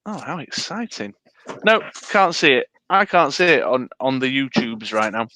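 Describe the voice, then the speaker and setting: A man's voice: mid-range voice, big pitch swings, moderate pace, bright, forceful tone. A man co-hosting a casual live stream, rambling and hesitant with lots of fillers. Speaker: podcast co-host. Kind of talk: casual live-stream chat about a dice game.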